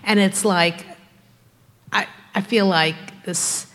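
A woman's voice: mid-range voice, steady tone, slow, a bit bright. A woman sharing thoughts in a group discussion, searching for words as she goes. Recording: long hall reverb.

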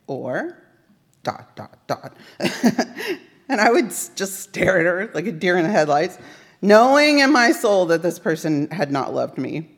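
A woman's voice: on the low side, sing-song, normal speed. A woman giving a sermon, telling a personal story with wry, self-deprecating humor. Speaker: worship service speaker. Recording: long reverb of a large hall.

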